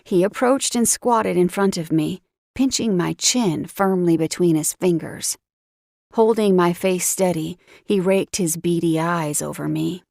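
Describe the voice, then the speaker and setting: A woman narrating a first-person romance audiobook in an unhurried, dramatic storytelling voice. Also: fairly low pitch, vocal fry, a little mellow, no echo, studio quality.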